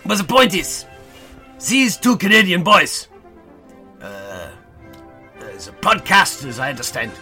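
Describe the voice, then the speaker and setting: A man's voice: a little high, wildly swooping pitch, a little slow, long pauses, faint music behind, exaggerated voice. A man doing a ranting German actor. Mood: haughty. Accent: German, put on. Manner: loud, indignant, repeats himself. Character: pompous older German actor, indignant and ranting.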